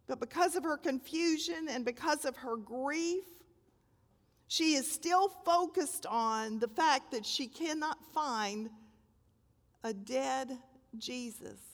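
An older woman preaching a sermon, telling the story dramatically and with emphasis, swelling loud and dropping to a hush. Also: sits high, slow. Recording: long hall reverb.

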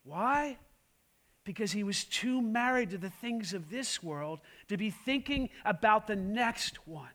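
A male pastor preaching with a strikingly high voice for a man. He delivers his sermon emphatically, moving between loud, urgent lines and hushed ones, and asks the congregation one rhetorical question after another. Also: lively intonation, measured pace.

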